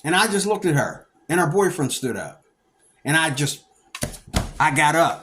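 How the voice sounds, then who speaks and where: Middle-aged male storyteller from Pennsylvania, rambling casual monologue, slightly higher voice, animated outbursts. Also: moderate pace, long pauses, slight background noise. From Pennsylvania, United States. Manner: rambling, animated, acts out quoted people with sudden loud outbursts. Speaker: storyteller recounting his past.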